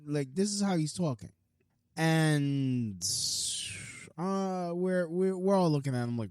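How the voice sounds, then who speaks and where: A man's voice: a little high, lively intonation, slow pace, mellow, clean tone, dry recording. A man ranting casually to camera, rambling and profane, with many fillers and restarts. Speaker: vlogger. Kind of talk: casual rant.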